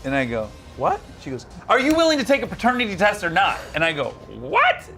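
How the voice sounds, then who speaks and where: Man, higher voice, lively intonation, incredulous, acts out dialogue. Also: racing, faint music behind. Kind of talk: anecdote told in an interview.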